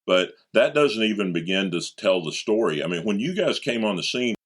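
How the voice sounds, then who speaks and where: A man's voice: lowish voice, sing-song, brisk. A man hosting an interview, asking enthusiastic, well-prepared questions. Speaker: interview host.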